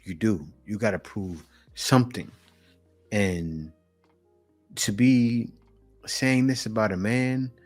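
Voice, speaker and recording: A man hosting a reaction video, giving casual, skeptical commentary on clips and laughing along. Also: mid-range voice.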